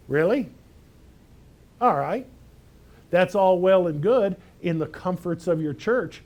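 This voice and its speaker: A man's fairly high voice carries an emphatic sermon. He preaches conversationally, pushing his points with rhetorical questions aimed at his listeners. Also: expressive, slow pace, long pauses, dull audio. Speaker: pastor.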